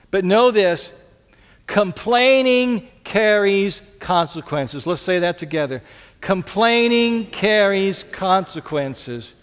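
A high-voiced man preaches a sermon as pastor, earnest and fond of repeating his key lines. He sometimes drops to a soft, pleading tone. His voice rings with the long reverb of a large hall.

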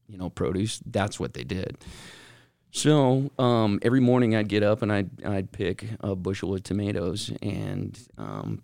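Gravelly, excitable man telling stories. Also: fairly low pitch, no room sound, clean studio sound. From Utah, Salt Lake Valley. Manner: excitable, rambling storyteller. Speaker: podcast co-host. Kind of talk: casual podcast chat.

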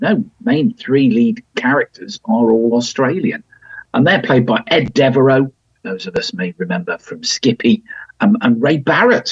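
A man talks through an old TV episode in relaxed review chat, his pitch bouncing around lively. His voice is a touch husky, and the recording is dry and a little dull. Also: no echo. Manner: chatty, frequent ums and restarts, wry asides. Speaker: podcast host and TV reviewer.

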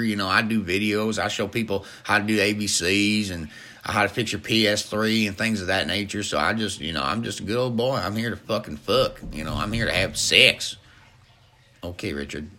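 Man doing a loud crude country guy, rambling, profane, worked up. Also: fairly low pitch. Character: crude, excitable country man who keeps farm animals.

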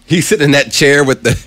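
A male podcast co-host excitedly retelling a film in casual chat. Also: medium pitch. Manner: excited, animated storytelling.

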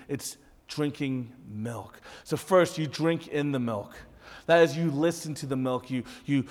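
A man's voice: fairly high pitch, big-room sound. A man in his thirties preaching a sermon as a pastor, talking conversationally and animatedly to his congregation. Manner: conversational, animated, addresses audience directly.

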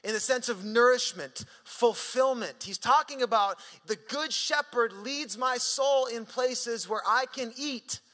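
A male pastor preaching a sermon in an animated, conversational way, swinging from sudden rises to quiet drops. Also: very high voice, unhurried, few pauses, long reverb tail.

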